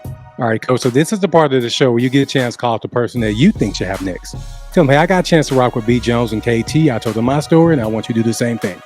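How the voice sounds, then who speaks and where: A male podcast co-host asking questions in a relaxed, conversational way. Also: medium pitch, fast talker, faint music behind. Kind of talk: casual interview.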